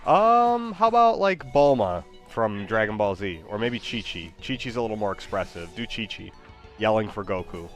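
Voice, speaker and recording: A man's voice: on the low side, moderate pace, soft background music. A man chatting casually while he plays a game, hesitant and rambling. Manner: hesitant, rambling, many fillers. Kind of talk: casual chat while gaming.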